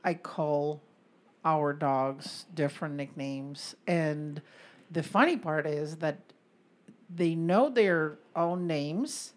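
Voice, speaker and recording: A woman's voice: low voice, slow. A woman co-hosting a casual chat, talking easily and giving tips.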